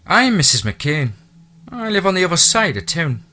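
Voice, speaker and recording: In an audiobook, a man voices a chatty middle-aged Irish housekeeper with a cheerful, motherly brogue. He pushes his voice up high, sing-song, bright and forceful, at a moderate pace.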